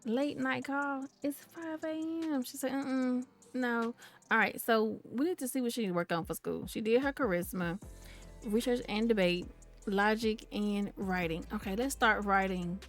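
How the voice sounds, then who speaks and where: A woman's voice: mid-range voice, moderate pace, faint music behind. A woman giving casual, playful commentary on a life-simulation game, chatting to her viewers and to the characters on screen. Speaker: gameplay commentator.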